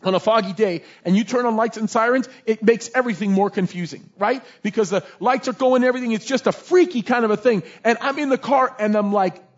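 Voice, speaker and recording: High-voiced animated male preacher. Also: brisk, hardly any pauses, dull audio. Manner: animated storytelling, shouting in re-enactments. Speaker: chaplain and preacher. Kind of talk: sermon.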